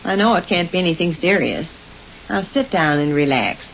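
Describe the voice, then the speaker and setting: Homey, exclaiming housewife, 1930s radio comedy, muffled hissy sound. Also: female voice, on the low side, lively intonation, gravelly. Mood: bustling. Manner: quick homey exclamations, teasing. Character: fussy, practical middle-aged housewife. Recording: hissy lo-fi old radio recording.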